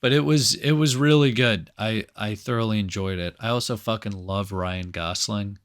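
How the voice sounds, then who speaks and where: A man's voice: on the low side, normal speed. A man co-hosting a movie review podcast, chatting casually and acting out quotes as he retells scenes. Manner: animated storyteller, acts out quotes with voices. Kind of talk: casual chat.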